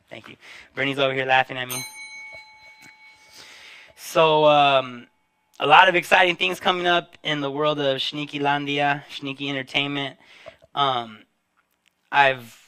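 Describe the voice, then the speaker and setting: A man's voice: on the high side, pushed and bright, clean tone. A man hosting his own podcast, talking casually and candidly to a livestream audience in loose slang. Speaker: podcast host.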